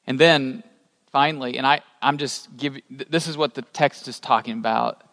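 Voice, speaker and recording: A man preaching a sermon as a pastor, animated and rising to emphatic peaks, asking the congregation questions. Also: medium pitch, normal speed. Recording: long hall reverb.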